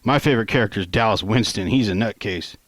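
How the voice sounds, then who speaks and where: A man's voice: on the low side, fast, no room sound, lightly acted. A man doing a cocky, reckless young friend.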